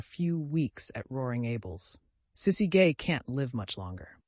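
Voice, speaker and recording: A man's voice: sing-song, unhurried, darkish tone, breathy edge, no room sound. A man narrating a novel as an audiobook reader, lifting his voice for the quoted family members. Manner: raises pitch and volume for quoted family members. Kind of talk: scripted narration.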